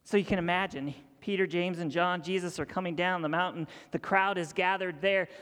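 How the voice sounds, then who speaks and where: Young male preacher, high-pitched, dramatic and intimate delivery, recorded in a big hall with long reverb. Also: a little fast, clear, resonant tone. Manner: dramatic storytelling, dropping to near-whispers and rising to excited high voices. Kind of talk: sermon.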